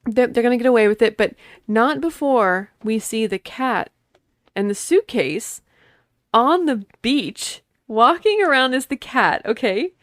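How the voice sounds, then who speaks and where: A fairly high-voiced woman talks through a movie with her co-host, swinging her pitch widely. She reacts expressively and swears casually. The recording is dry and close. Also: animated, unhurried, fairly bright tone, dry recording. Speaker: podcast co-host. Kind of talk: casual movie recap chat.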